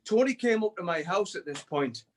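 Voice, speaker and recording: A middle-aged man, telling stories as a band member guest in an animated, profane way. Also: sits high, normal speed. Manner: animated, profane, swears freely. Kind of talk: casual storytelling.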